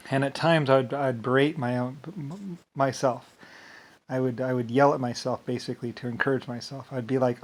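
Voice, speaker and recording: A man's voice: medium pitch, level tone, brisk. A man talking at length in a rambling personal monologue, often repeating and restarting words and trailing off with filler. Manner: trails off with "anyway, whatever". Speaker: vlogger.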